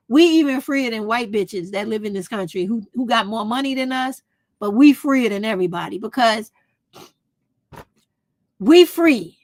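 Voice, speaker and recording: A woman's voice: a little high, no room sound. A woman, talking straight to her viewers in a casual opinion vlog, blunt and profane. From United States. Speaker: vlog host.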